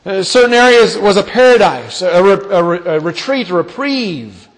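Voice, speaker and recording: A man preaching a sermon, reading scripture and retelling it with dramatic storytelling and big swings in pitch and loudness. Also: animated, moderate pace. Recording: long hall reverb.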